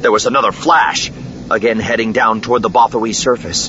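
A man narrating an audiobook in an expressive, dramatic reading. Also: fairly low pitch, moderate pace. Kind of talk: scripted narration. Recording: dull lo-fi with steady noise.

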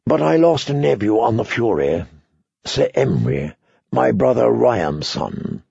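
A man voicing a frightened, pompous older high-born lord who pleads in a shrill voice. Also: big pitch swings, measured pace, gravelly, mellow, breathy edge, no room sound, lo-fi sound, heavily acted. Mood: fussy, self-pitying. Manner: shrill pleading, then fussy self-pity.

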